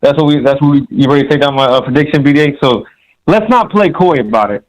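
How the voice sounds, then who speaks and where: A man's voice: on the high side, fast, rough recording. A man calling in to a show, telling a rambling story in a swaggering, crude way. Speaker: caller. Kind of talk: casual storytelling on a call-in show.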